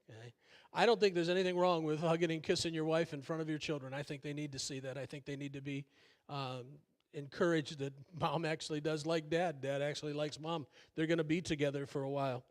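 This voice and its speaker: A man's voice: fairly high pitch, steady tone, a little fast. An older man preaching a sermon as pastor, folksy and conversational, with many fillers and self-deprecating asides. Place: church sanctuary.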